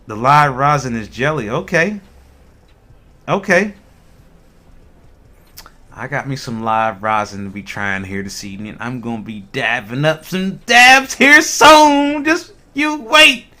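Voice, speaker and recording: A man's voice: medium pitch, unhurried, pauses often. A man hosting a casual cannabis livestream, chatting animatedly with viewers and laughing often. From Ohio. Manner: animated, laughing, talks to chat.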